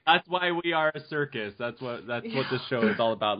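A man's voice: medium pitch, animated, brisk, few pauses. A young man hosting a family podcast, talking easily, laughing and rambling through his thoughts. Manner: easygoing, laughing, rambling with restarts. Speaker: podcast host. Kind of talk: casual podcast chat. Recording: dull lo-fi podcast audio.

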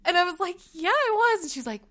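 A woman in her thirties telling family stories in a casual chat. Her voice sits high and swoops widely as she acts out every quote. The tone is bright and sharp. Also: quick pace. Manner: animated storytelling, acts out quotes. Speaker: podcast co-host.

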